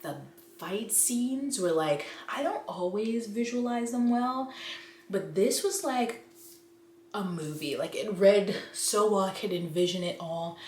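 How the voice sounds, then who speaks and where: A woman's voice: medium pitch, measured pace. Woman, book vlogger, casual and effusive; recorded in a reverberant room with light background noise. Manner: gushing, animated, quotes her own reactions. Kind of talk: casual book review chat. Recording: echoey room with faint noise.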